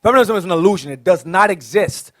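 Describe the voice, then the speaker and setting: A man's voice: sits high, animated, fast, no echo. A man speaking as a deacon, assertive and lecturing on a preaching panel.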